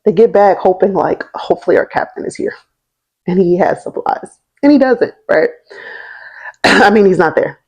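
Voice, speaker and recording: A woman's voice: medium pitch, animated, moderate pace, long pauses, darkish tone, low-quality recording. A young woman telling a history story in a casual, slangy way, laughing along and checking in with her listeners. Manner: chatty and slangy, often checking in with "right?" and "okay?". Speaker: history vlogger.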